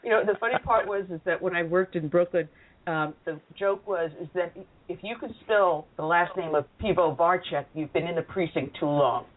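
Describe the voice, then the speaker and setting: A woman hosting a radio talk show, chatty and quick to laugh at herself. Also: on the low side. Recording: phone-like call-in audio.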